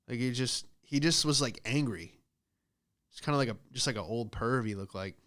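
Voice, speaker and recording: A young American man hosting a podcast, telling rambling comedic stories and acting out the people in them with squeaky high voices. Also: animated, a little fast, fairly bright tone. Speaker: podcast host. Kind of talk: casual comedic monologue.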